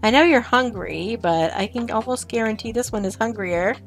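High-voiced woman streaming a game. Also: normal speed, soft background music. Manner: chatty, talks to game characters and chat. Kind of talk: casual gameplay commentary.

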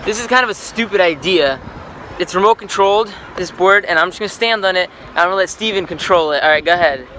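Excitable young man vlogging outside at night. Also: sits high, fast talker. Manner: excitable, laughing often, joking with friend. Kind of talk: casual vlog chat. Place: outdoors at night, streets and parking garage top. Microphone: handheld camera mic. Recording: noisy outdoor camera audio. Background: street noise, passing cars.

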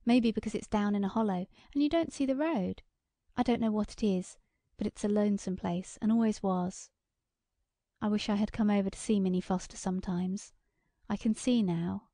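A woman's voice: mid-range voice, normal speed, warm tone, no room sound, lightly acted. A woman voicing a plain-spoken, regretful rural farm wife in an audiobook. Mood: rueful.

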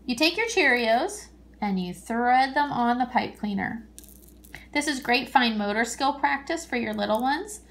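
A woman who is a children's librarian, leading a toddler storytime in a gentle, encouraging, sing-song teacher voice. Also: a little high, lively intonation, a little slow. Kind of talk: speaking slowly and simply to toddlers. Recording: roomy echo.

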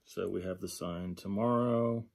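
Male instructor, low mellow voice, unhurried, thinks aloud through textbook examples. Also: steady tone, creaky. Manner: slow, thinking aloud, repeats example glosses. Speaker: sign language instructor. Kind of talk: lecture walking through a textbook.

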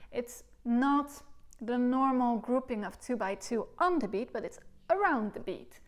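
A woman with a somewhat high voice teaches recorder technique in an instructional video. She explains each point clearly and patiently. She breaks into sung syllables to show how the tongue should move. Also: a little slow. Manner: demonstrates articulation by singing syllables.

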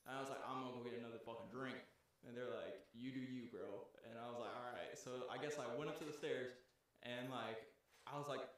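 A man's voice: mid-range voice, steady tone, fairly quick. A young man hosting a podcast, casually telling a long story among friends, rambling with lots of fillers and swearing. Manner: rambling, filler-heavy, profane. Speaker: podcast host. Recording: very echoey room.

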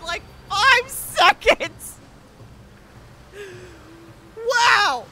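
A woman streaming a video game, commenting on her play in an excitable way, swearing freely and laughing often. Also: very high-pitched, slow, pauses often, soft background music. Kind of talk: live gameplay commentary.

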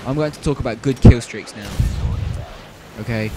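A man's voice: medium pitch, moderate pace, long pauses, over loud music. Rambling, apologetic gamer man. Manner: rambling, apologetic, stumbling over words. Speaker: gameplay commentator. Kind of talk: video game commentary.

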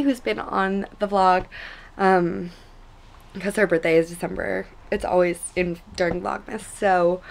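A young woman chatting casually in a home vlog, bubbly and excitable, rambling with many fillers. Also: medium pitch, creaky, a little hiss or hum, rough recording. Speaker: vlogger.

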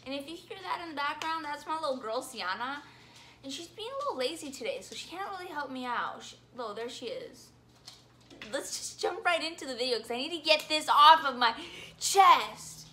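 A young woman with a high, bright voice rants to her camera in a casual vlog. She is dramatic and self-mocking, dropping to a mutter and then shouting. A faint hiss sits under the recording. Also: expressive, moderate pace. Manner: dramatic, self-mocking, swings between mumbling and yelling. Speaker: vlogger.

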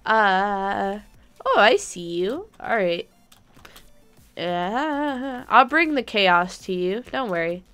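A woman's voice: mid-range voice, expressive, takes it slowly, a bit bright, clear, resonant tone, soft background music. A young woman chatting casually on a gaming live stream, giggling often and reading out viewer comments. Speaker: gaming livestreamer.

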